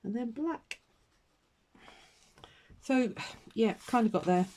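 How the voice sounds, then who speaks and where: A woman's voice: fairly high pitch, expressive, slow pace, a little mellow, slight background noise. A woman chatting casually to viewers while she colours, self-mocking and muttering to herself with little laughs. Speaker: colouring vlogger.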